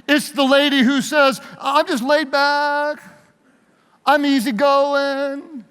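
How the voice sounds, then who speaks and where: A man's voice: very high voice, little pitch movement, slow, a bit bright. A man preaching a leadership sermon, leading his audience in call-and-response. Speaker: pastor. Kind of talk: sermon-style leadership talk. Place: large hall with live audience. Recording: long hall reverb.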